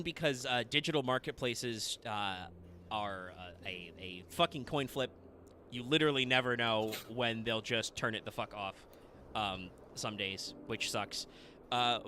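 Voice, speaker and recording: A man's voice: medium pitch, sharp tone, a little hiss or hum. A man chatting casually and rambling with swearing while streaming a game. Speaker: let's play streamer. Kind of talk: casual chat over gameplay.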